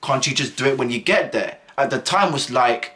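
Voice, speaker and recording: A man's voice: medium pitch, lively intonation, moderate pace, bright, forceful tone. Young guy rambling thru a storytime, slangy, lots of like and you know. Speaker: vlogger. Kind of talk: casual storytime.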